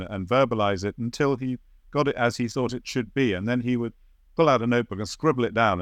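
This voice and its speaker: A man's voice: medium pitch, fairly bright tone, dry recording, clean studio sound. A man being interviewed as the author of a biography, answering reflectively and sometimes searching for the right word.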